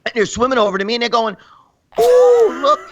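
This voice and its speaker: A man's voice: very high-pitched, fairly even intonation, very fast, a bit bright, highs cut off. A man telling crude comic stories, profane and rambling, laughing as he goes. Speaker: guest storyteller.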